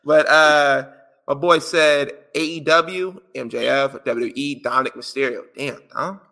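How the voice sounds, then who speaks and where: Podcast co-host, male, gravelly and bright, joking and slangy while reading listener answers. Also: fairly high pitch, unhurried.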